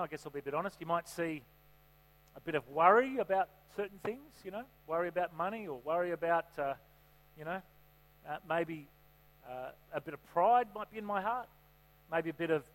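In a church hall, a man preaches with a high-sitting, animated, brisk and fairly bright voice. He's chatty and joking, often questioning the congregation, and the recording is reverberant with mains hum.

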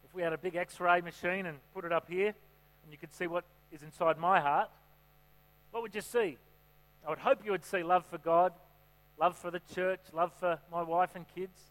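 A man's voice: high-pitched, steady tone, moderate pace, fairly bright tone. A man preaching a sermon in a church, chatty and joking, often asking the congregation questions. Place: church hall. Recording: reverberant hall with mains hum.

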